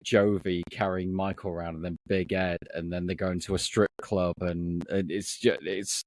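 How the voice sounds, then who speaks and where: A man's voice: low voice, level tone, normal speed, dry recording. A British man co-hosting a podcast in casual chat, talking bluntly with frequent swearing and stop-start restarts. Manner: blunt, sweary, self-correcting. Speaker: podcast co-host.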